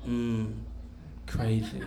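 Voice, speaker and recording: A man from Memphis doing a crude, animated stand-up routine on a club stage. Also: fairly low pitch, drawn-out words. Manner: loud, crude, animated storytelling. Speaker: stand-up comedian. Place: comedy club stage before a live audience. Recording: live club recording with noise.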